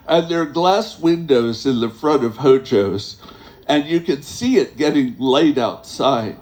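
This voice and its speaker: Slow, rambling man telling a story. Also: a little high, lively intonation. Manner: rambling, halting, full of fillers and restarts; chuckles through the telling. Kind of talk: live personal storytelling.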